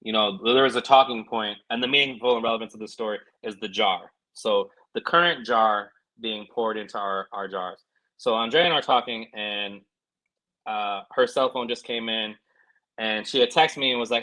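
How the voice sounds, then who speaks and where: Male podcast co-host, bright tone, earnest storyteller, casual and filler-heavy. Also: mid-range voice, fairly quick, low-quality recording.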